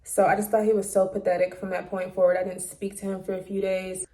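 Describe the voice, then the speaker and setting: A woman's voice: medium pitch, little pitch movement, fast, mellow. A woman vlogger telling a personal story in a casual monologue, candid and blunt, swearing freely, recorded on a phone.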